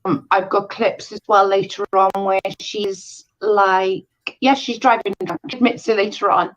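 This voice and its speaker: Slow emphatic woman hosting a stream. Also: medium pitch, steady tone, faint music behind. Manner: exasperated, emphatic, repeats points. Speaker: host of commentary stream. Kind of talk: casual commentary chat. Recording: dull lo-fi stream audio.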